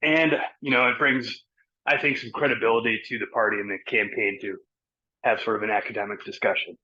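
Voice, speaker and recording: A man's voice: on the low side, steady tone, brisk, bright, forceful tone. A man organizing an event, giving an upbeat, chatty update on a video call while a little out of breath. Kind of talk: casual meeting update. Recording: dull lo-fi call audio.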